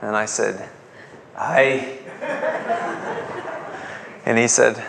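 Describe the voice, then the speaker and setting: Male pastor, sermon delivery, slightly higher pitch, rhetorical and engaging with the room. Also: normal speed, crowd noise. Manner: rhetorical questions, asks congregation to respond.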